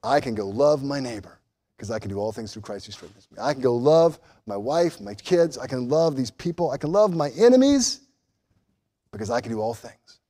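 A pastor preaching a sermon, building to loud emphatic peaks and then dropping to a quiet, earnest tone, often repeating words as he goes. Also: medium pitch, fairly quick. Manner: impassioned, rising and falling emphasis, repeats words; addresses children directly at times.

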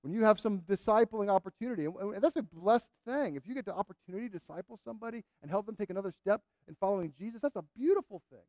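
High-voiced earnest male preacher. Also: lively intonation, fast talker, hardly any pauses, a little mellow, no echo, studio quality. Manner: earnest, emphatic, repeats phrases for stress. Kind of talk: sermon.

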